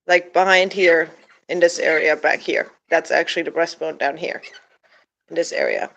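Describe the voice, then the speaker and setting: A woman's voice: low-pitched, fairly even intonation, normal speed, gravelly, fairly bright tone, a little hiss or hum, poor audio. A woman who keeps backyard poultry, talking casually through a vlog and using sweet baby talk with her birds. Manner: informal, many "like" fillers.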